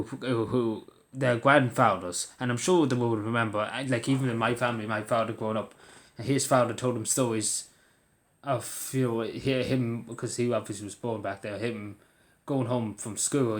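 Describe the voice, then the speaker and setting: Angry man ranting. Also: mid-range voice. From Ireland. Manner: angry, swearing, stammering restarts. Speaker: commentator.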